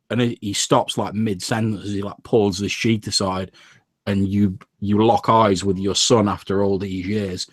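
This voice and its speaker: A man's voice: fairly low pitch, no room sound. A man narrating a tabletop game as game master in a casual, filler-heavy way.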